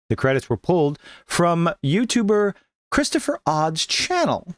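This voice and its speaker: A man giving sarcastic, emphatic gaming news commentary with dramatic pauses. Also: fairly high pitch, sing-song, no echo, studio quality. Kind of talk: opinionated online commentary.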